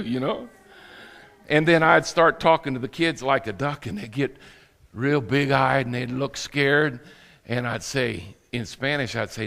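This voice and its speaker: A man's voice: medium pitch, measured pace, creaky, fairly bright tone, long reverb tail. A male preacher giving a sermon with folksy, humorous storytelling. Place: church sanctuary.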